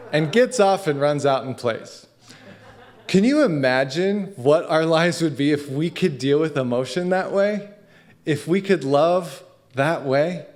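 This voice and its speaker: A man giving an inspirational talk at a spiritual center, conversational and animated, often laughing. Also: a little high, unhurried.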